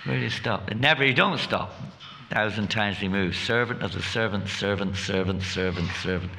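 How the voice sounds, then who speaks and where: A man's voice: fairly low pitch, normal speed, pushed and bright, slight background noise. A man giving a scripture class at a temple, chatty and joking, who keeps asking his audience questions.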